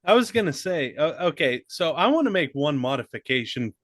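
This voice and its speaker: A man co-hosting a podcast in casual chat, emphatic and excitable, swearing freely. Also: fairly high pitch, brisk, no room sound, clean studio sound. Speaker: podcast co-host.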